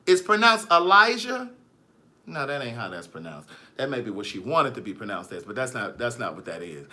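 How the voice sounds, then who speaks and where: Male vlogger, sassy and animated, bright voice, pitch swings widely. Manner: sassy, animated, reads viewer comments aloud. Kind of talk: live-stream chat.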